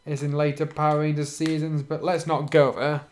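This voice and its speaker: Fairly high in pitch and flat in delivery, this man reads fan fiction at a normal pace over a slight hiss or hum. Every so often he stops to snark about the prose, interrupting himself with dry, sarcastic asides.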